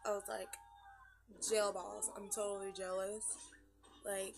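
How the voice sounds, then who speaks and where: A young woman vlogger, chatty and rambling, swearing freely as she gives shout-outs and walks through her everyday makeup routine at home. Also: medium pitch, flat delivery, unhurried, faint music behind. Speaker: beauty vlogger. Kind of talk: casual makeup tutorial. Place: at home after work.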